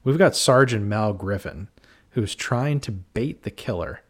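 A man hosting a casual film-review podcast, relaxed and laughing often as he retells scenes. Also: on the low side, unhurried, breathy edge. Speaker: podcast host. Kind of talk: casual chat.

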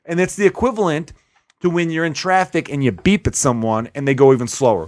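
A man's voice: fairly high pitch, lively intonation, fast, no echo, studio quality. Profane ranting millennial man. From Chicago. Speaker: comedian and podcast host. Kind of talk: casual podcast chat.

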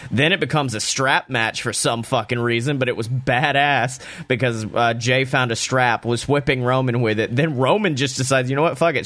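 A young man casually recapping a wrestling show, talking excitedly and swearing a lot. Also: no room sound. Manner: excited, profane, acts out quotes in raised pitch.

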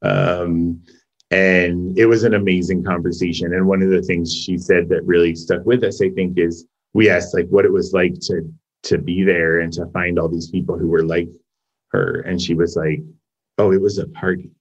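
A man's voice: low voice, little pitch movement, moderate pace, lo-fi sound. A man, a co-creator of a series, talking thoughtfully in a casual interview and often restarting his sentences.

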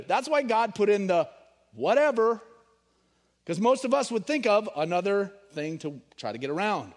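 A middle-aged man delivers a sermon in a slightly raised voice. He is animated, pushing key words loudly and then dropping low for quiet stories. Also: moderate pace. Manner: animated, swings between loud emphasis and hushed storytelling. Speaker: pastor.

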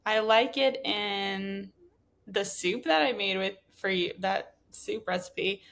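A woman hosting a podcast interview, her voice hoarse and giving out, chatty and full of strong opinions. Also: mid-range voice, slow, a bit bright. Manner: chatty, opinionated hot takes. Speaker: podcast host. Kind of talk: casual interview chat.

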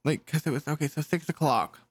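Fast-talking, blunt podcast co-host. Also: mid-range voice, breathy edge. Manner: blunt, swears a lot, reacts briefly. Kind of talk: casual chat.

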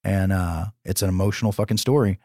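A man co-hosting a podcast, recapping a horror film in a casual, profane, animated way. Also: sits low, fairly quick, dry recording, studio quality. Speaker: podcast co-host. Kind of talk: casual chat.

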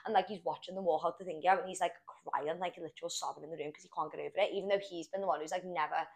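A woman's voice: fairly low pitch, fast, few pauses. A young woman, rambling and swearing as she retells a story in a casual podcast chat. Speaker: podcast co-host.

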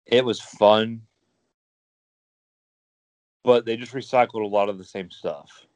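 Man, low-pitched, dry close mic, casual rambling podcast co-host. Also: fairly even intonation, slow, a little mellow, no room sound. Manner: rambling, enthusiastic gamer talk with many fillers. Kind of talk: casual chat.

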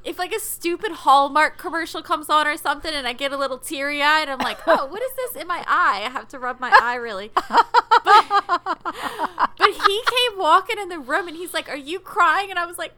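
A woman co-hosting a podcast in casual chat, animated, acting out quotes and laughing often. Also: high voice, a little fast. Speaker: podcast co-host.

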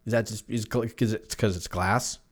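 Profane thirty-something podcast host rambling. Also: male voice, on the low side, fairly even intonation, normal speed. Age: 30s. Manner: loose, profane, jokey storytelling. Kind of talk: casual solo podcast rambling.

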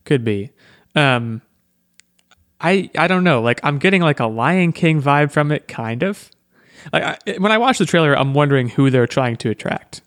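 A man's voice: a little high, animated, moderate pace, fairly bright tone, no echo, clean studio sound. A man hosting a podcast, talking casually with lots of fillers and restarts. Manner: chatty, hedging, lots of "like" and restarts. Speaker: podcast host. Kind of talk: casual chat.

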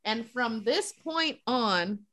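A woman's voice: a little high, lively intonation, slow, fairly bright tone. A woman co-hosting a podcast, chiming in bluntly and swearing freely in casual chat. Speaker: podcast co-host.

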